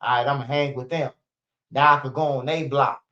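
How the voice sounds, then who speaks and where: A man's voice: mid-range voice, fairly even intonation, brisk, pushed and bright. A young man ranting casually to his viewers on a stream, with loose, profane street slang and lots of repetition. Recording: dull lo-fi stream audio.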